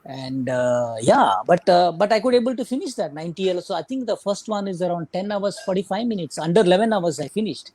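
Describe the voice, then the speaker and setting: A man's voice: high-pitched, animated, brisk, hardly any pauses, a little mellow. A middle-aged Indian man with an Indian English accent, a guest runner telling his story in a casual interview, full of "you know" and "like".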